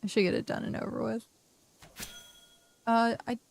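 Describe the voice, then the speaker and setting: Tired, gravelly-voiced woman streamer. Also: a little high, steady tone, normal speed, a little mellow, slight background noise. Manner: rambling, talks to herself and chat. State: tired, yawning. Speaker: game streamer. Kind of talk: casual live-stream chat while playing.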